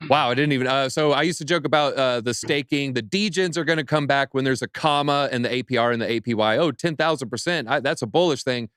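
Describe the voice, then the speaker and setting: A man hosting a casual panel chat, brisk and joking as he reads news aloud. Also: mid-range voice, fairly bright tone, clear, resonant tone, no echo, clean studio sound. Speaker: show host.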